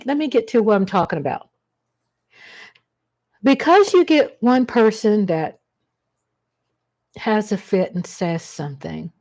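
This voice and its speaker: Speaking in a mid-range, slightly mellow voice, a woman runs a casual livestream, chatting at length and calling out viewers by name.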